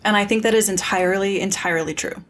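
A woman's voice: mid-range voice, fast talker, slight background noise. A woman co-hosting a podcast in casual chat, wry and teasing, laughing often. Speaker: podcast co-host.

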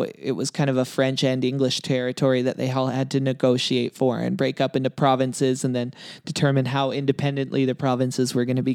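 A man with an average-pitched voice reads out quiz questions and their options in a steady, relaxed way. He then chats loosely about them. The sound is dry and close, with no room echo. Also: clear, resonant tone. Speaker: quiz reader, co-host. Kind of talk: casual chat, reading quiz questions.

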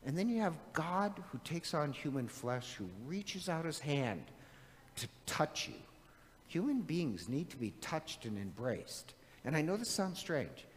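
A middle-aged man preaching a conversational sermon as a priest, animated and chatty, often asking his listeners questions. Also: on the high side, unhurried, slight background noise. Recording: long reverb of a large hall.

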